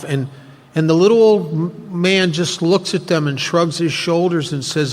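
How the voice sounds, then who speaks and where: A man's voice: on the high side, normal speed. A man speaking at a recovery workshop, telling a story earnestly to make a spiritual point. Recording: long hall reverb.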